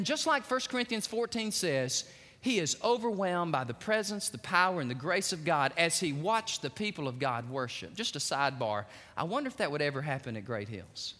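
A pastor delivers his sermon in a high, bright, forceful voice. His storytelling is energetic, with emphatic swings in loudness. A long reverb trails each phrase in the large church. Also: normal speed.

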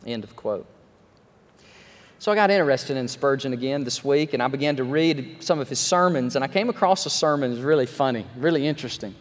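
A man preaching a sermon as pastor, telling stories with animated energy and self-deprecating asides. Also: medium pitch, brisk. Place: large church sanctuary. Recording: long reverb of a large hall.

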